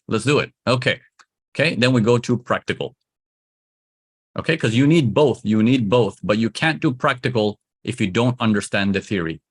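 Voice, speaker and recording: A man's voice: lowish voice, a bit bright. Emphatic man teaching a trading class. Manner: emphatic, repetitive, coaxing the audience. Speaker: trading instructor. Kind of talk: live teaching session.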